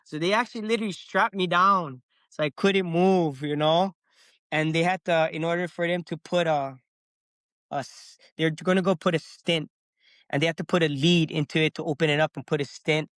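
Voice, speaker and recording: Slightly high-pitched and at a normal speed, this middle-aged man's voice has no echo. He's a podcast guest casually telling a story about himself, animatedly acting out the words he said back then.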